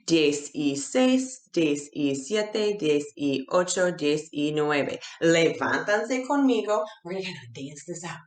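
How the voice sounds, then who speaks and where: A woman leads a cheerful children's lesson, animated and encouraging. She talks slowly and stretches out her counting. Her voice has a roomy echo around it. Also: mid-range voice. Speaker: Spanish teacher for children. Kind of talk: upbeat kids' video lesson.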